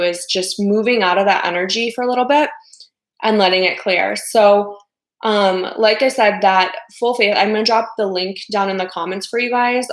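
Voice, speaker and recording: Chatty woman on a roomy livestream. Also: medium pitch. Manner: chatty, full of "like" and "you know", acts out quoted voices. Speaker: life coach hosting a livestream. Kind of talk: casual livestream talk to viewers.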